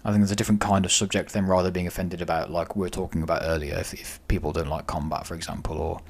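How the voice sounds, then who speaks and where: Male podcast co-host, very deep voice, measured and reflective. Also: little pitch movement, gravelly, breathy edge. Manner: thoughtful, weighs both sides. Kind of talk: casual discussion.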